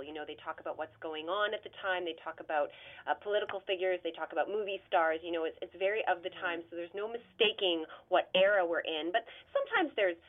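A woman stage actor in a radio interview, earnest and reflective, talking in long run-on thoughts. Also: fairly low pitch. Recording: tinny phone-line sound.

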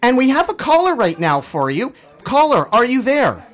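Excitable sing-song male radio host. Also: very high-pitched, moderate pace. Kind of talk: campus radio interview. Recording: studio radio.

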